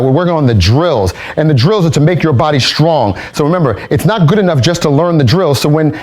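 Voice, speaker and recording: Kung fu teacher guy, a bit high voice, calls counts then explains steps. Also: a little mellow. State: moving while demonstrating. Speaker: kung fu instructor. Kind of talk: instructional demonstration.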